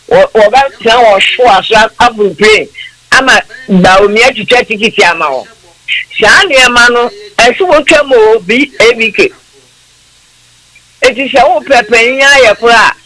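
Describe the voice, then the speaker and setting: A man's voice: high-pitched, bright, forceful tone, low-quality recording. A man from Ghana, calling in to a radio talk show and speaking in an impassioned, preachy way. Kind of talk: radio phone-in political talk.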